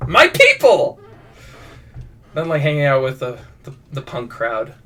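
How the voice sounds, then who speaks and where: At normal speed and with a mid-range voice, a man streams his fiction writing live. He rambles casually through prompts from viewers, often restarting and making self-deprecating asides, with his voice somewhat far from the mic.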